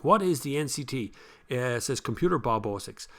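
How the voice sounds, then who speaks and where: Older Kildare Irish man hosting a live stream, blunt and animated when giving advice. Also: mid-range voice, moderate pace. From Ireland. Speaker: host reading viewer comments. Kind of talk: casual live-stream chat.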